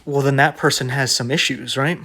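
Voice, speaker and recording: A man's voice: medium pitch, fairly even intonation, fairly quick, pushed and bright. A man preaching casually to camera in a blunt, argumentative way, often checking in with "right?". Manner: conversational, keeps asking "right?".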